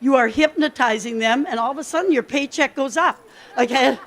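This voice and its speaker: A woman giving a lively conference workshop talk, coaching the audience directly from the stage. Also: high-pitched, brisk. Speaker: keynote speaker.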